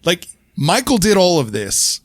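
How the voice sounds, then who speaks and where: A man's voice: sits high, unhurried, no echo, clean studio sound. Rambling, swearing male podcast host. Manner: rambling, profane, animated storytelling. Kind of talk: casual chat.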